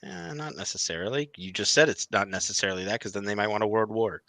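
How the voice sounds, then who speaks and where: A man's voice: lowish voice, fast talker, creaky, sharp tone, no room sound. A man in a heated casual debate, insistent and mocking, repeating his points. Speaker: podcast co-host.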